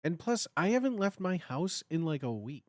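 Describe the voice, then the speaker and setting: Here a lively-voiced livestream host in their thirties, from the Chicago area, chats casually at home at a moderate pace. Animated and rambling with many fillers and restarts, they shoot up high when acting out cheering. Clean studio sound, no room sound.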